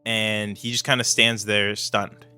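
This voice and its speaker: A man's voice: on the low side, flat delivery, a little slow, bright, forceful tone, clean tone, faint music behind. A man narrating a tabletop game as game master in a hesitant style with many fillers.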